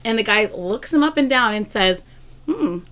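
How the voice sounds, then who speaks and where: A woman's voice: on the high side, moderate pace, clean tone. A young woman hosting a casual livestream, chatting to viewers and telling stories with a lot of laughter. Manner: chatty and animated, bursts into loud laughter. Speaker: livestream host.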